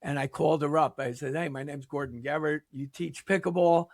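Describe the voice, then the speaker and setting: An older man from New York speaks as a podcast guest, his voice sitting a touch high for a man. He tells rambling stories and animates the quotes inside them. The sound is dry and close. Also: brisk, creaky, dry recording. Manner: rambling, animated storyteller who acts out quotes. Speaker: podcast guest, pickleball league founder. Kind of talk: casual interview storytelling.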